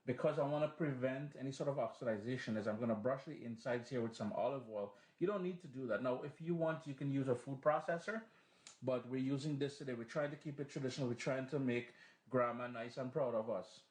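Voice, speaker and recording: A man hosting a relaxed, chatty cooking demonstration at home, explaining each step. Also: mid-range voice, fairly quick. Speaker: cooking show host. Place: home kitchen, then living room. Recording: echoey room, faint background noise.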